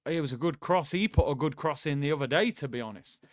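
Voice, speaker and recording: A man's voice: on the high side, fast, no echo, studio quality. A man hosting a live football watchalong, talking casually and giving blunt opinions straight to his viewers. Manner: casual, opinionated, conversational, addresses viewers directly. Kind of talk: live watchalong commentary, reading out chat.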